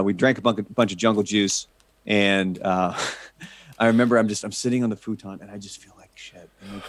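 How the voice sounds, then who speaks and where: A man co-hosting a podcast, telling a story in an animated way and laughing as he goes. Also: on the low side, no echo. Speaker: podcast co-host. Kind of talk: casual storytelling chat.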